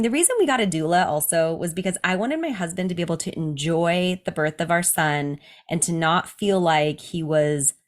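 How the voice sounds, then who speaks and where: A woman in her thirties, a podcast host, candidly telling a personal story in casual chat, laughing often. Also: on the low side. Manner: candid, laughs often, quotes others in livelier voices.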